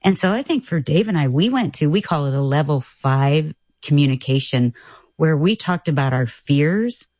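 A woman guest on a radio talk show, telling a personal story in an earnest, reflective way with soft laughs. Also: low voice, lively intonation, moderate pace, no echo, clean studio sound. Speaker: guest author. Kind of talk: casual radio conversation.

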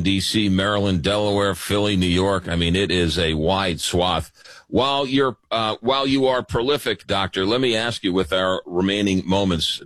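A man hosting a night-time radio talk show, brisk and conversational with his guest. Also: deep voice, a bit bright, no room sound.

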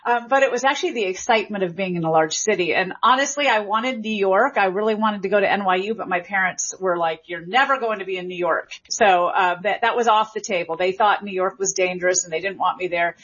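A Gen X woman from Memphis with a light Southern accent, a linguist answering interview questions in a chatty, animated way with many fillers. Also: medium pitch, a little fast, hardly any pauses, breathy edge, muffled recording. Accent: light Southern American. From Memphis, Tennessee. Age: Generation X. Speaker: linguist guest.

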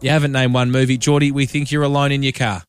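An Australian man hosting a radio show in casual banter, chatty and quick to laugh. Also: medium pitch, little pitch movement, clean tone, soft background music. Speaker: radio host.

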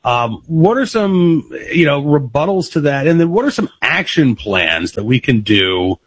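Male talk radio host, husky voice, halting, wordy questions. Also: fairly high pitch, sing-song. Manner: halting, repeats words when asking. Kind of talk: radio interview.

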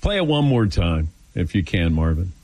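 Male radio host, relaxed teasing banter, lowish voice with lots of movement. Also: moderate pace, rough recording. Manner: easygoing, teasing, laughs often. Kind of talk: casual talk radio chat.

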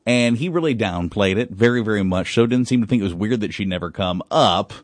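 A man hosting a morning radio talk show, telling a listener's story in a lively, animated way. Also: lowish voice, fairly quick, few pauses, dry recording, studio quality.

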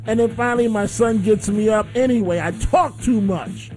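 A man hosting a call-in radio talk show, telling a story in a lively way and acting out his own shouts. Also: sits high, normal speed, faint music behind. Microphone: studio microphone.

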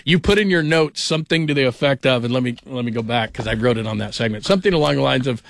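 A man's voice: medium pitch, quick pace, creaky, no echo, clean studio sound. A man hosting a sports radio show, talking casually, rambling and laughing often. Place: radio studio. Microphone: studio microphone.

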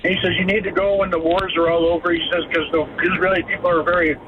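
A man's voice: high-pitched, level tone, quick pace. A man in his fifties calling in to a radio show, telling a heartfelt story in a rambling way. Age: 50s. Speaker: caller. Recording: tinny phone line with noise.

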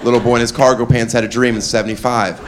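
A man doing a stand-up comedy set on a club stage, deadpan and self-amused, often laughing at his own jokes. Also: medium pitch, fast talker. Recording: live club recording with background noise.

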